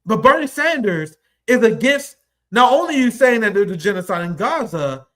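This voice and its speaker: A man's voice: high voice, sing-song, moderate pace, pushed and bright. A young man giving heated, profane political commentary, combative and mocking as he reacts to clips.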